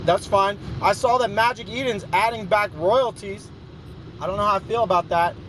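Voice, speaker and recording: A man with a high, light voice hosts a loose live audio chat. He talks in a joking, sarcastic way. Faint noise hums behind him. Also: moderate pace. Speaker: host.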